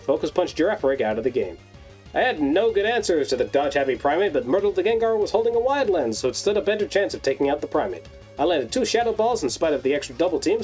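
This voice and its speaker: A man narrating a scripted game recap as the video's host, with a sarcastic, wry tone and quick asides. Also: on the high side, darkish tone. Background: faint background music.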